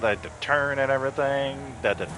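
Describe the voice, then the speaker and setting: A man's voice: mid-range voice, brisk, noisy background. A man streaming a racing game, chatting casually, rambling and swearing freely. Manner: laid-back, rambling, swears freely, emotional when thanked. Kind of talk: casual live-stream chat while gaming.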